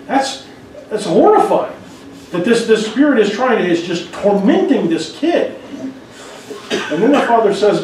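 Echoey, high-voiced preacher in a church. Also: male voice, big pitch swings, unhurried, pauses often, a little mellow, a little hiss or hum. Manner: earnest conversational preaching, often restarting phrases. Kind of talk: sermon. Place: church sanctuary. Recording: very echoey hall, mic far off.

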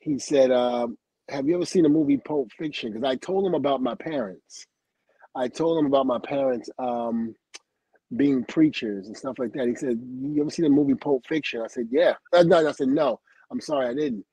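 Speaking at a moderate pace in a mid-range, slightly rough voice, a middle-aged man shares stories from his career on a livestream. He's a lively teller who mimics quoted speech, laughs often and swears. The recording is low quality but echo-free.

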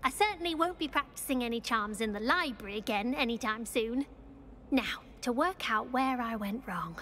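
Game VO: a fussy young student witch, high-ish, polite and precise. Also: expressive, moderate pace, bright, forceful tone, slight background noise. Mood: prim. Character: prim, studious young female student witch. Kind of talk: video game dialogue.

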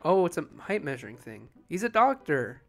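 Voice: mid-range voice, sing-song, normal speed, vocal fry, a bit bright, faint music behind. A let's-play commentator chatting casually at home over gameplay, drowsy and rambling with frequent swearing. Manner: sleepy, profane, rambling.

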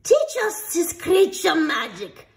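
A woman voicing a gruff male beast headmaster in a storybook, giving slow, booming commands. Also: big pitch swings, heavily acted. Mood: stern booming.

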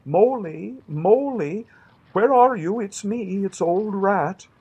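A man's voice: medium pitch, animated, unhurried. A man reading aloud and voicing a kindly, good-natured male water rat who talks soothingly and practically. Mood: calling cheerfully.

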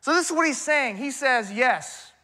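A man's voice: extremely high pitch, lively intonation, normal speed, bright, forceful tone. A man preaching a sermon in a church, emphatic and conversational, often addressing the crowd as y'all. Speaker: pastor.

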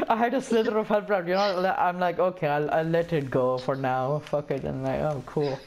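Young guy gaming on a headset, kinda high voice, teasing and swearing at his buddy. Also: normal speed, background noise. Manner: teasing trash talk, cursing. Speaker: gamer. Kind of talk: casual gaming chat.

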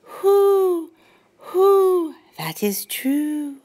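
A woman voicing a wise old female owl who hoots and speaks in a high, airy voice. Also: animated, slow, a little mellow, breathy edge, exaggerated voice. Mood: mysterious.

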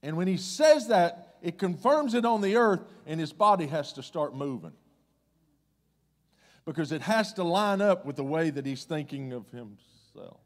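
Pastor, male, high voice, animated conversational sermon, long hall reverb. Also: unhurried. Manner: conversational preaching, swinging from loud excitement to hushed low tones.

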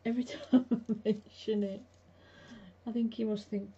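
This craft live-streamer sounds a little high, warm and husky, speaking at a moderate pace with flat delivery. Chatty and blunt, she talks to viewers while working in her home craft room in a casual demo. A faint hiss colours the dull lo-fi recording.

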